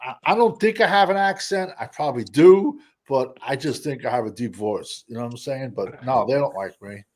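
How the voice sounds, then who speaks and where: A man's voice: medium pitch, animated, moderate pace, few pauses, darkish tone. A man from New York talking bluntly and profanely in casual chat, full of slang.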